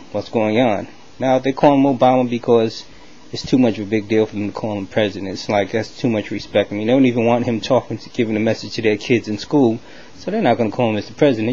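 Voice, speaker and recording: A man's voice: lowish voice, lo-fi sound, slight background noise. Man telling a rambling comic story. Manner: loose, rambling and animated. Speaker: comedy vlogger.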